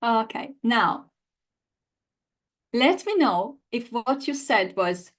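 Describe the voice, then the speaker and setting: A woman with a slightly high voice speaks slowly and pauses often while teaching a live language lesson online. She's lively and animated, talking straight to viewers and answering their chat.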